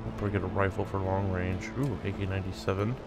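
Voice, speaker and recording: A man's voice: sits low, monotone, fast, over loud music. A man hosting a let's play, thinking aloud and reading game text as he plays. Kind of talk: casual gameplay commentary.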